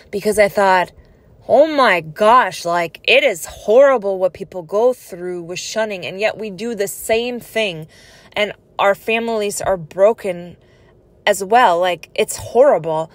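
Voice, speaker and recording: A woman's voice: medium pitch, unhurried, dry recording. A woman telling her own life story in a personal vlog, speaking in an earnest, conversational and reflective way.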